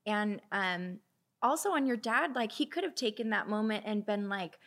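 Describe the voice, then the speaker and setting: A woman's voice: medium pitch, expressive, moderate pace, fairly bright tone. Affirming woman host, faith talk. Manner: affirming, encouraging listener. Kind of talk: faith-based conversation.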